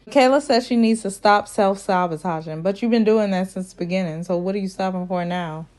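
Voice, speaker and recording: A woman's voice: mid-range voice, brisk, a little mellow. A woman hosting a casual TV recap vlog, blunt, opinionated and chatty. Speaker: reality TV recap host.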